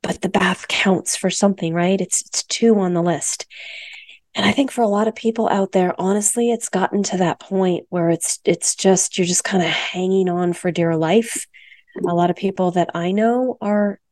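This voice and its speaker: A woman's voice: mid-range voice, steady tone, moderate pace, darkish tone, no echo. A woman co-hosting a health radio show, talking frankly and emphatically and repeating phrases for stress. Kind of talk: candid health talk.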